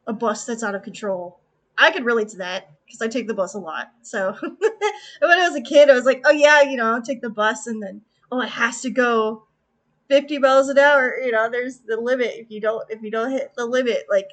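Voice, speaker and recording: A woman's voice: mid-range voice, fairly bright tone. A woman with a Valley Girl accent, chatting casually in a rambling way, full of fillers and self-asides. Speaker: artist and video creator. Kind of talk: casual chat.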